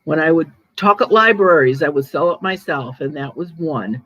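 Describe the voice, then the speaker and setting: An older woman hosting a casual chat, telling stories in a chatty, animated way with frequent restarts. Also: deep voice, moderate pace, no room sound, lo-fi sound. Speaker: host, ghost medium.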